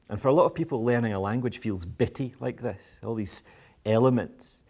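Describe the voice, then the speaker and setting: A man's voice: mid-range voice, fairly quick, few pauses, a little mellow. A Scottish man giving a talk to school parents in a playful, provocative, self-mocking way. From Scotland. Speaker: education speaker. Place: school event with live audience.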